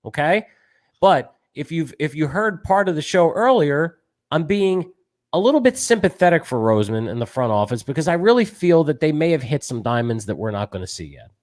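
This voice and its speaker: A man co-hosting a sports talk show, talking fast and emotionally as a self-described fan. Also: on the high side, very animated, a little mellow.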